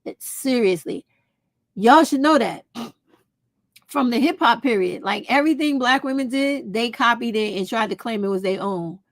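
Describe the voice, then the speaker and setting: A woman's voice: a little high, expressive, moderate pace, no room sound. A woman, talking straight to her viewers in a casual opinion vlog, blunt and profane. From United States. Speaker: vlog host.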